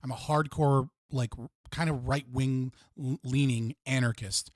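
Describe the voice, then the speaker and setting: In a medium-pitched, steady voice at a measured pace, a young man from the US runs a casual livestream chat, rambling with plenty of "like" fillers. The studio sound is clean, with no echo.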